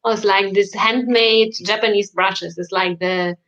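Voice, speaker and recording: A woman's voice: medium pitch, fairly even intonation, measured pace, fairly bright tone, muffled recording. A woman guest in a casual livestream chat, hesitant and searching for her words.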